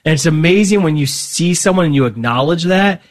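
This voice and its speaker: A man's voice: on the high side, expressive, brisk. A man talking casually as a guest about his faith, often restarting sentences and acting out little conversations. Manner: rambling, restarts often, acts out dialogue. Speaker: podcast guest.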